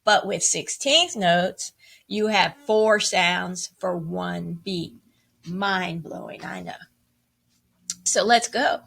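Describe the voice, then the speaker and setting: A woman's voice: on the low side, takes it slowly, creaky, a bit bright. A woman teaching a music lesson, encouraging as she counts and chants rhythms aloud.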